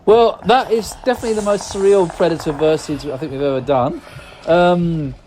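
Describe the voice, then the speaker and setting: A man's voice: on the high side, normal speed, a little mellow, slight background noise. A man hosting a casual podcast, chatty and easygoing, who laughs along with his co-host. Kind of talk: casual chat.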